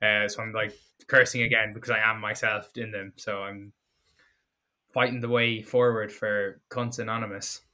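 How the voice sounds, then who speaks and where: A man's voice: fairly low pitch, little pitch movement, moderate pace, sharp tone. An Irish man, a fitness content creator, talking casually as a podcast guest, blunt and joking, swearing freely. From Ireland.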